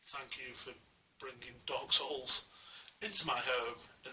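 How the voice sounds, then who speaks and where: Very bright-voiced man gushing. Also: mid-range voice, fairly even intonation, unhurried. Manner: enthusiastic and gushing, rambling with many fillers. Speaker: statue collector reviewing a figure. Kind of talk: casual video review. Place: at home with the statue. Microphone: small camera mic. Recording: distant mic with faint hiss.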